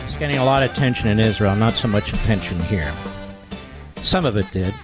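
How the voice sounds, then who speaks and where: A man's voice: on the low side, animated, fairly quick, music in the background. A man hosting political talk radio in a combative, sarcastic way that often builds into a heated rant.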